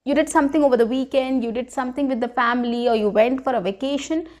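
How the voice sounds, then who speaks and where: A woman's voice: sits high, fast talker, a little mellow. A woman giving a casual spoken lesson, coaching viewers in a chatty way and often checking in with "right?". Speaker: English teacher. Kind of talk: spoken English lesson to camera.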